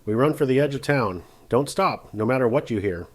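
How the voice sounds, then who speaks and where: A gravelly cowboy gunslinger snaps out terse commands, loud and pitched up into a strained bark, as a male narrator puts him on. He is gruff and protective, never wasting a word. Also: animated, a little fast, lightly acted. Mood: urgent commands. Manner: barked short orders.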